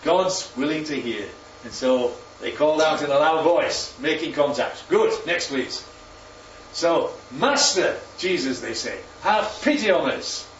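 In an unhurried, slightly high voice, a preacher engages his congregation by asking questions and repeating their responses back. The sermon is captured in a roomy, muffled hall from a distance, with slight background noise.

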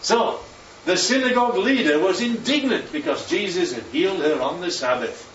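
Guy preaching, lively, keeps asking yeah? right?, echoey hall mic far off, faint room hum. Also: high voice, moderate pace. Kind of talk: sermon. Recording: echoey, distant, dull sound with faint ambience.

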